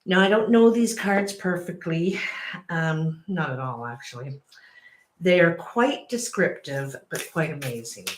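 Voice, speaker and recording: Casting note: woman tarot reader, slow and lowish, chatty, echoey room. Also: animated. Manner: chatty, apologetic, laughs often. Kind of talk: casual tarot reading.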